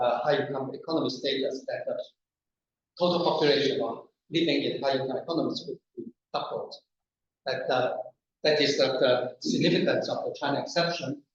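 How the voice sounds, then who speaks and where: Man lecturing from far off in an echoey room. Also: mid-range voice. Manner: halting, deliberate delivery. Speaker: conference panel presenter. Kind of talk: academic lecture. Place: conference room. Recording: distant, echoey, dull conference room recording.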